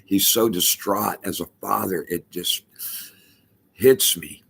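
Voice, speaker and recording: Deep-voiced middle-aged man giving halting testimony. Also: vocal fry, a bit bright, breathy edge. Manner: halting, emphatic, with many restarts. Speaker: storyteller addressing a rabbi. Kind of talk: personal testimony monologue.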